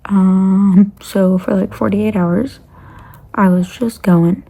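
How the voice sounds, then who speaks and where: Gravelly, husky young woman telling a story. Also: medium pitch, steady tone, takes it slowly, mellow. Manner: rambling, often drops to a breathy near-whisper. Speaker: travel vlogger. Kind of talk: casual storytime.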